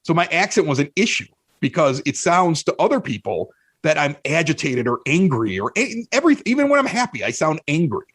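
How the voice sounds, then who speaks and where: A man with a strong Chicago accent spins self-mocking stories in a loose, chatty way. His slightly high voice swoops up and down as he goes, and he stumbles over restarts. The sound is close and dry. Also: a little fast, breathy edge, no echo. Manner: animated, self-mocking storyteller with many restarts. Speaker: podcast guest. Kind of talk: casual storytelling chat.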